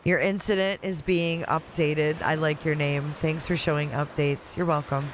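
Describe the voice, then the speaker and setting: Chatty Michigan woman over steady noise. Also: low-pitched, normal speed. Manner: chatty, reads viewer comments aloud and answers them. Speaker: livestream host. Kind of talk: casual live-chat stream. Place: at home in Florida riding out a hurricane.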